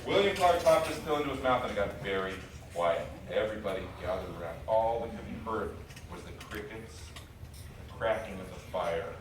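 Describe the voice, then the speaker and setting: A man telling a jokey, animated story to a school audience, acting out characters. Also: on the low side, fairly quick. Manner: playful, jokey, acts out characters with sudden shifts. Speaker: visiting author telling a story to students. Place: school auditorium. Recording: echoey hall, distant, noisy crowd. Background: loud laughing crowd of children.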